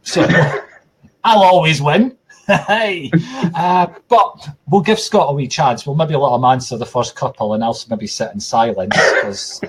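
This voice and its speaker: A man's voice: fairly high pitch, measured pace, a little hiss or hum. A man hosting a casual live stream as a psychic medium, chatty and joking, addressing viewers as folks from a tablet at home. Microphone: tablet device.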